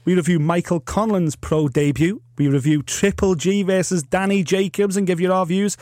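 A man with a Liverpool accent hosting a podcast, with an upbeat, brisk delivery. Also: a little high, darkish tone, dry recording. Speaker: podcast host. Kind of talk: introducing a boxing podcast.

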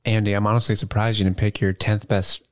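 A male podcast co-host talking films in a casual, wry way. He hesitates and restarts often before landing a point. His delivery is relaxed and conversational. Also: lowish voice, fast, clean tone. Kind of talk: casual chat.

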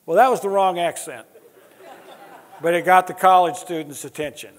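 A man's voice: high-pitched, moderate pace, some chatter behind. A man preaching a sermon, emphatic and building his points through repetition, with wry asides to the audience. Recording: long hall reverb.

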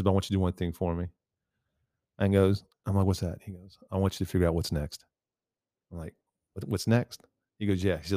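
Podcast guest, man, low voice, dry close sound, lively storyteller. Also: no echo. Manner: animated storyteller, quotes others often. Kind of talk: casual chat.

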